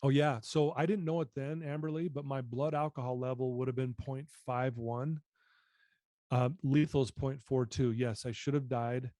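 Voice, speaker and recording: A man's voice: mid-range voice, steady tone, moderate pace, mellow, no room sound, studio quality. A middle-aged man telling his own story as a podcast guest, earnest and candid, often repeating words as he goes. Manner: earnest, candid, repeats phrases while confessing. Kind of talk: storytelling in an interview.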